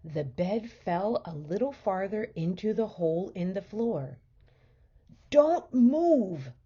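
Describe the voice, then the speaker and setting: A woman teacher reading a children's storybook aloud in a gentle, expressive way. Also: medium pitch, measured pace, slightly rough, muffled recording.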